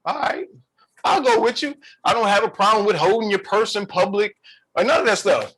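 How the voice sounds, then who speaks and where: A male podcast co-host with a high voice, talking about relationships. His delivery is animated and playful. He often slips into quick comic voices. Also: husky. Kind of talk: casual relationship chat.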